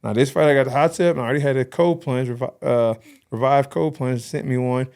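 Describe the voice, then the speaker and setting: Fast-talking man in his thirties. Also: mid-range voice, creaky, clear, resonant tone. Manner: animated storyteller acting out quoted dialogue. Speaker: podcast guest. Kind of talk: casual interview chat.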